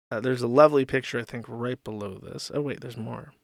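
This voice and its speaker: A man's voice: medium pitch, brisk, gravelly, few pauses, dry recording, clean studio sound. A man hosting an online commentary show, talking casually with a sarcastic, mocking edge and plenty of swearing.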